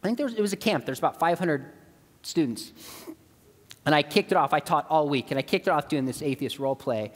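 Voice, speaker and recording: A man's voice: a little high, fairly quick. A middle-aged man giving a church seminar talk, telling stories and acting out the voices of the people in them. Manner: animated, acts out dialogue in quoted voices. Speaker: apologetics speaker. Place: church auditorium. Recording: long reverb of a church hall.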